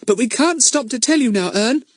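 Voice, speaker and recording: Man doing excitable little girl, way up high, breathless and eager. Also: moderate pace, no echo.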